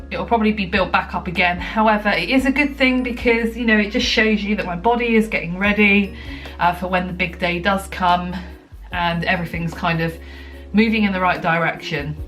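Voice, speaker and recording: A woman's voice: mid-range voice, moderate pace, fairly bright tone, faint music behind. Breathless, chatty woman vlogging. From United Kingdom. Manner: chatty, rambling, frequent ums and likes. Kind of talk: casual chat to camera. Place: at home, indoors.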